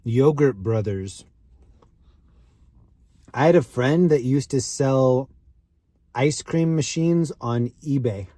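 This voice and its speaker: A man's voice: medium pitch, slow pace, long pauses, dark tone, no room sound. A man casually chatting on a live stream, joking, rambling, and greeting viewers by name.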